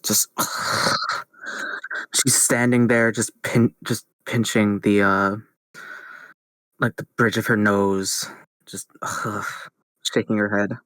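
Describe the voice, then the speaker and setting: A man playing a tabletop game, halting and sighing with many restarts. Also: lowish voice, little pitch movement, bright, forceful tone, no echo, clean studio sound. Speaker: player. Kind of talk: casual tabletop role-play.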